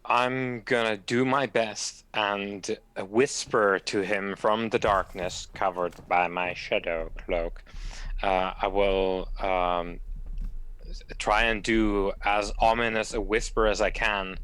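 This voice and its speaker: A man's voice: on the low side, fairly even intonation, takes it slowly, a bit bright, clear, resonant tone. A man playing a tabletop game, talking hesitantly and chuckling as he plans moves. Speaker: player. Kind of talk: casual tabletop play.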